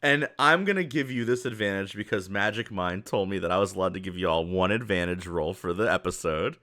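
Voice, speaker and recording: A man's voice: deep voice, brisk, bright, forceful tone. A man narrating as game master of a tabletop game, rambling with lots of fillers.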